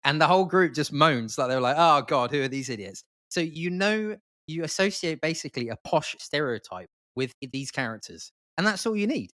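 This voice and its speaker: A man's voice: on the high side, normal speed, hardly any pauses, dry recording. Man, dry close-mic film talk. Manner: animated, explanatory, quotes lines from the film. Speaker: podcast guest. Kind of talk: casual film discussion.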